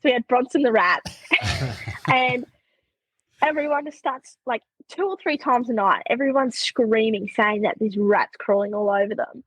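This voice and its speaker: A young Australian woman chatting as a podcast guest, her voice a little husky and fairly high. She tells stories in a lively, laughing way, full of "like", and the sound is close and dry. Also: normal speed, no room sound, rough recording. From Queensland, Australia. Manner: animated, laughing, lots of "like". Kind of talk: casual storytelling.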